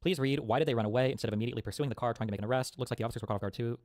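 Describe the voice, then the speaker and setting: A man's voice: mid-range voice, racing, darkish tone, no room sound. A man live-streaming, arguing with his chat in a profane, argumentative way while thinking aloud. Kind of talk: live reaction commentary.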